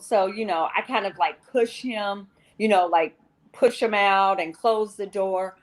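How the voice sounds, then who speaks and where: A woman's voice: mid-range voice, measured pace. A woman guest on an interview show, telling her personal recovery story in a candid, rambling way and often quoting herself.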